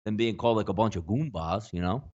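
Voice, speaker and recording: A man's voice: lowish voice, fast, a little mellow, lo-fi sound. A man with a Philadelphia accent co-hosting a casual sports talk show, rambling with lots of filler words. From Philadelphia area. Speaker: co-host. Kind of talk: casual sports radio banter.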